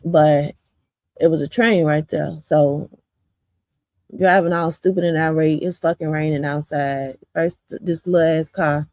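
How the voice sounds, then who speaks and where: A woman's voice: deep voice, steady tone, measured pace, darkish tone, dry recording. Blunt, swearing woman telling a story. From south suburbs of Chicago. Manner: blunt, profane, rambling with many fillers. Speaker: community vlogger. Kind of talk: casual storytelling to viewers.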